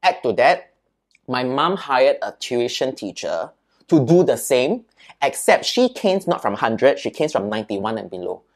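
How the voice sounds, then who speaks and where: Animated Singaporean man telling stories. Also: mid-range voice, measured pace. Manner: animated storyteller, peppers speech with "right?" and "lah". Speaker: interview guest. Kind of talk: casual storytelling in an interview.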